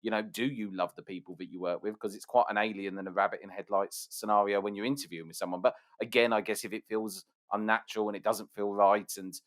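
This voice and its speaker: A man hosting a podcast interview, relaxed, conversational and encouraging. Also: fairly low pitch, quick pace, few pauses. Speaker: podcast host. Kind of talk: casual interview chat.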